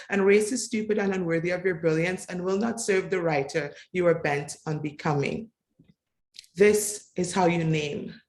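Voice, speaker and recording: A woman reading a poem of tribute in a slow, measured, incantatory way, building on repeated refrains. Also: on the low side. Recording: echoey room.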